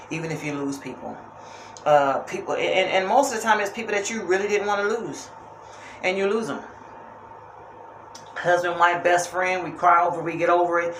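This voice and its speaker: A woman's voice: fairly low pitch, a bit bright, a little hiss or hum. A young woman at home giving an earnest, rambling faith talk, repeating phrases for emphasis. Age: young adult. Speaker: faith vlogger. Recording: roomy with faint ambience.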